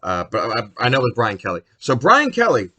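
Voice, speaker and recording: A young man hosting a solo podcast, ranting about sports in a profane, rambling, excitable way. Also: medium pitch, a little fast. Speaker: podcast host.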